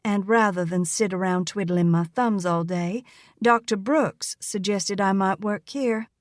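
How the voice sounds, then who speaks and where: A woman's voice: mid-range voice, measured pace, no room sound, clean studio sound, close to an everyday voice. A woman voicing a poised young Southern woman who teases in an easy, silky drawl. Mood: teasing. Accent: American Southern.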